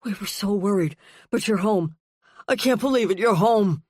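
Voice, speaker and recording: A woman's voice: mid-range voice, expressive, moderate pace, no room sound, clean studio sound, close to an everyday voice. A woman reading a worried, relieved middle-aged father in an audiobook, firing off urgent questions. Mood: overjoyed, urgent.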